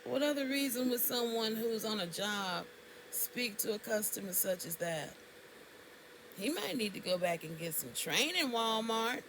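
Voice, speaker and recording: A woman's voice: a little high, expressive, a little slow, fairly bright tone, slight background noise, low-quality recording. A woman tells a story to camera in a casual, indignant way, and her voice jumps up sharply on exclamations. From Alabama, US. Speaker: vlogger.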